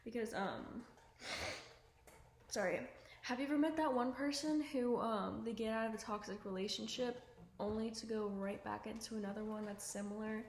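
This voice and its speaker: A woman's voice: a little high, steady tone, normal speed. A woman giving self-improvement advice to camera at home, talking casually and earnestly, with lots of "like" and "um". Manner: earnest and chatty, full of "like" and "um". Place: at home indoors. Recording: echoey room with faint ambient noise.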